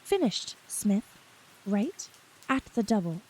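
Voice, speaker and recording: A woman's voice: mid-range voice, sing-song, slow pace, darkish tone, a little hiss or hum, low-quality recording. A woman voicing a male squad leader of northern soldiers in a whispered role-play reading, giving clipped, curt orders.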